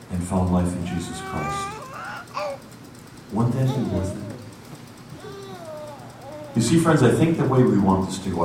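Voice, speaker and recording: A man with a low voice preaches a storytelling sermon in a lively, conversational manner. He's recorded from far off in an echoey hall, with background noise.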